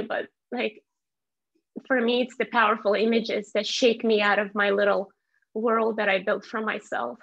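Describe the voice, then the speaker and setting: A woman's voice: on the high side, gravelly, a bit bright. A woman in her thirties from Azerbaijan, speaking candidly and earnestly as a participant in an online meeting, often searching for her words. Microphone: video call. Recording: lo-fi video call audio.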